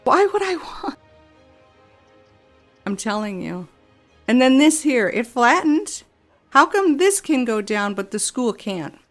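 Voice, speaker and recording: A woman's voice: a little high, very animated, unhurried, faint music behind. A woman giving gameplay commentary as she plays a city-building game, exasperated and grumbling to herself about the controls. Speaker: game streamer.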